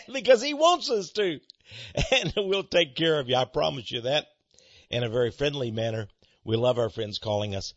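A man's voice: medium pitch, a bit bright, no room sound. A man with a Texas accent hosting a radio talk show, folksy and emphatic like a preacher, heard on a dull lo-fi broadcast. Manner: folksy, emphatic preacher-like delivery with dramatic rises. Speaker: radio ministry host.

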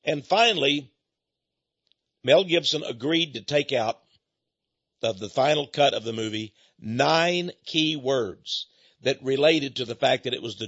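A man's voice: medium pitch, vocal fry, fairly bright tone, husky, dry recording. A man preaching an emphatic, repetitive monologue that speaks directly to his listeners. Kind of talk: radio-style sermon monologue. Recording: dull, muffled dry recording.

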